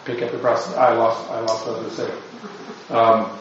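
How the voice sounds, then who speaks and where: A man's voice: medium pitch, little pitch movement, a little fast, a little hiss or hum. Man, informal spiritual talk, self-deprecating, rambling, dull lo-fi sound, faint room ambience. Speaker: speaker giving a parish talk. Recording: distant mic, very echoey, dull lo-fi sound.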